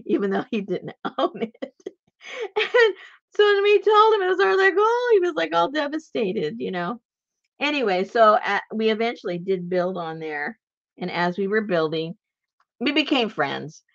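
A woman's voice: mid-range voice, dry recording, lo-fi sound. A woman telling a long personal story in casual chat, rambling and laughing as she goes. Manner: rambling, animated, laughs while telling stories. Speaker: crafter and channel host.

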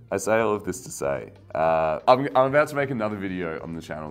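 A young man talks straight to camera in a rambling, self-mocking rant that keeps climbing into exasperation. His voice sits a little low, and soft music plays faintly behind him. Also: sing-song, fast, hardly any pauses, clean tone. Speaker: wine channel host.

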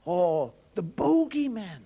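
A man's voice: high voice, sing-song, takes it slowly, vocal fry, mellow, dull audio. A middle-aged man telling comic stories, wry and conversational and rising to indignant outbursts. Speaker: comedian. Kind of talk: stand-up storytelling monologue. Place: TV studio with a live audience. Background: faint audience laughter.

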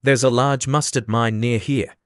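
A man's voice: mid-range voice, steady tone, normal speed, dry recording, studio quality, natural voice. A man voicing a moralizing, agreeable old Duchess in a prim, sententious manner.

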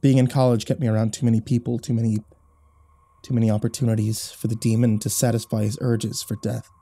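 Man, scripted horror storytelling, dark timbre, measured with dramatic swells. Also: mid-range voice, little pitch movement. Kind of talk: scripted first-person horror narration.

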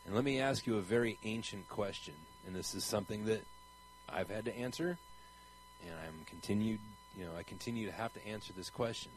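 A man's voice: medium pitch, huge pitch swings, fairly quick, a little hiss or hum, poor audio. A man speaking in a conversational preaching style, earnest and rambling, asking his listeners pointed questions. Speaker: traveling Christian preacher.

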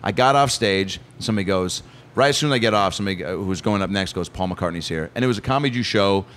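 A male comedian telling a story as a guest in a casual chat, excitable and self-mocking. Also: on the low side, fast talker, a little hiss or hum.

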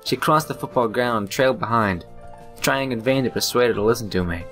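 A man hosting a let's play, reading a visual novel's narration aloud in a brisk, plain storytelling read. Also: mid-range voice, a bit bright, soft background music.

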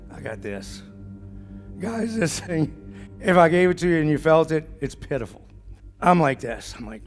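A man speaking at a business summit, telling a story to the audience in an animated way and acting out what everyone in it said. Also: fairly high pitch, normal speed, long pauses, faint music behind. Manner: animated, acts out the dialogue of the people in his story.

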